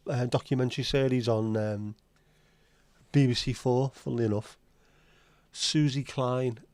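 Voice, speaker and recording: A man's voice: mid-range voice, a little mellow, dry recording. Chatty man hosting a livestream. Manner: rambling, chatty, answers chat comments aloud. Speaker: livestream host reading viewer chat. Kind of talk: casual chat.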